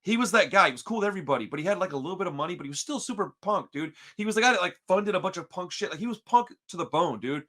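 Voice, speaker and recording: On a casual podcast, a Texan co-host tells a story in a bright, forceful, fairly high voice, racing along with hardly any pauses. He's slangy and animated, dropping "dude" and "bro" at almost every turn.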